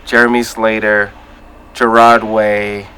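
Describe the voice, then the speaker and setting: A man hosting a casual podcast chat, talking in an animated way and acting out his reactions. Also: fairly low pitch, slow, smooth, low-quality recording. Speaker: podcast host.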